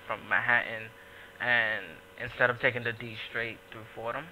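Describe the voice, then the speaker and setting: Bright-voiced New man telling stories. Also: mid-range voice, moderate pace, a little hiss or hum, rough recording. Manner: profane, animated storytelling with voiced quotes. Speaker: podcast host. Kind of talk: casual podcast chat.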